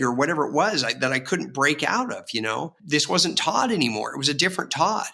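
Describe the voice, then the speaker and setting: A man's voice: fairly high pitch, very animated, brisk, gravelly, few pauses, pushed and bright, slightly rough. A man, a real estate agent guest on an interview podcast, telling rambling, vivid personal stories with frequent restarts. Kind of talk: casual storytelling interview.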